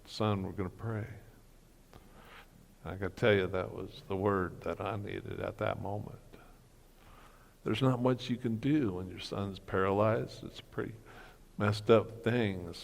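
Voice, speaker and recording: A middle-aged man giving an earnest personal testimony as a guest speaker, telling his story slowly. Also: lowish voice, gravelly, big-room sound. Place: church hall breakfast gathering.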